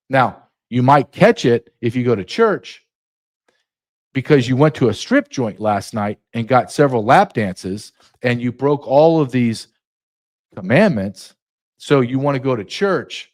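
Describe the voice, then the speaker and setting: A man's voice: medium pitch, animated, normal speed, a little mellow. A male podcast host delivering a sarcastic solo monologue, full of mocking asides.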